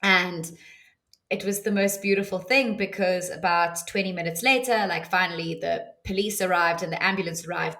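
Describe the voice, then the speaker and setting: A woman with a slightly low voice tells a personal story with vivid, earnest detail. She restarts phrases often as she works through her thoughts. She speaks as a podcast guest offering advice. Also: fairly bright tone. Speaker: podcast guest, ceremony leader.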